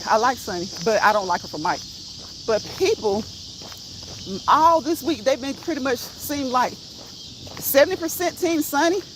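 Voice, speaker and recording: A woman livestreaming as she walks outdoors, chatting casually with viewers, teasing and laughing often. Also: a little high. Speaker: vlogger on a live walking stream. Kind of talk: casual chat while walking. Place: outdoors in a rural area, walking uphill. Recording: outdoor noise with insects.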